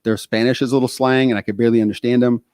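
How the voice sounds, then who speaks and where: A man from Texas co-hosting a podcast, talking casually in animated stretches, full of fillers and restarts. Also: mid-range voice, very fast, dry recording, studio quality. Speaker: podcast co-host.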